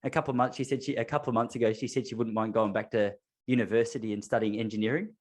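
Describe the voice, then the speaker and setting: A man's voice: fairly low pitch, fairly even intonation, racing. A man hosting a podcast, chatting casually with rambling, self-mocking stories. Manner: rambling anecdotal storytelling with self-mocking humor. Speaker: podcast host. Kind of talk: casual chat.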